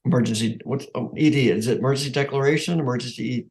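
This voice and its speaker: A man's voice: medium pitch, racing, gravelly, a little mellow. A man with a New England accent, chairing a neighborhood council meeting in casual, rambling talk with many restarts. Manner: rambling, self-correcting, chuckles often.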